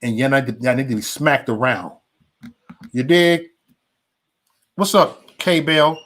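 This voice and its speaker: A man's voice: mid-range voice, expressive, measured pace, a bit bright. A man hosting a livestream, ranting heatedly and profanely at his viewers with emphatic repetition and stammered restarts. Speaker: livestream host.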